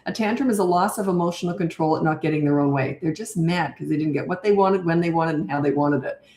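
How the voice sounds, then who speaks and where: In a live Q&A, an older parenting coach reads viewers' comments aloud and answers them directly and conversationally. She talks fast in a deep, slightly mellow voice, and the echoey room carries a little hiss or hum.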